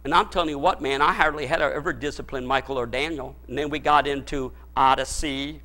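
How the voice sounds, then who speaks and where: A man preaching a sermon as pastor, speaking directly to his congregation and repeating his points with emphasis that builds to shouts. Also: mid-range voice, steady tone, fairly quick. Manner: folksy, addresses the congregation directly.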